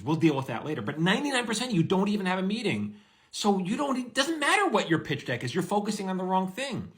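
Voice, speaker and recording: A man with a slightly high voice delivers an energetic, blunt advice monologue straight to camera. He talks quickly and swings his pitch widely as he cracks jokes. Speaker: screenwriter giving advice.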